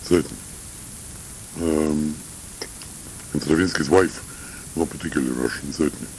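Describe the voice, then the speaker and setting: Very deep-voiced older man reminiscing. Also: normal speed, creaky, darkish tone, slight background noise, low-quality recording. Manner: rambling, hesitant, digressive reminiscing. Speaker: interviewee. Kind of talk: recorded conversational interview.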